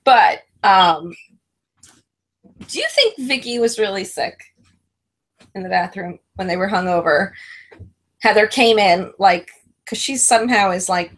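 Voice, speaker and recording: A woman's voice: mid-range voice, a little slow, pauses often. A middle-aged woman co-hosting a casual chat about reality TV, telling stories with lots of laughter. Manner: giggly, animated storytelling. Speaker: co-host.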